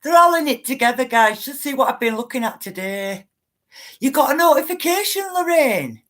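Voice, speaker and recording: A woman's voice: high voice, lively intonation, moderate pace, fairly bright tone. A woman, chatting live to viewers, greeting them by name and ranting now and then. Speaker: livestream host. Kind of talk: casual livestream chat.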